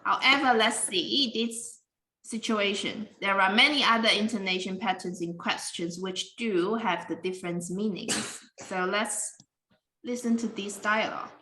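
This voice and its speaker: A woman's voice: medium pitch, a little slow, pushed and bright. A woman teaching an English lesson, explaining patiently in slightly non-standard grammar. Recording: echoey room with faint noise.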